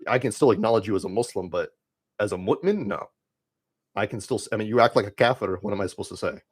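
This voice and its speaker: Talking quickly with a breathy edge and a fairly low pitch, a young man rants to his stream's chat. His manner is casual, rambling and dismissive, with "like" everywhere.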